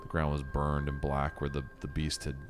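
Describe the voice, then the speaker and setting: Podcast co-host, a man with a very deep voice and dry, agreeable asides. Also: monotone, normal speed, music in the background. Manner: dry, agreeable, lots of short backchannel. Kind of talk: casual book discussion chat.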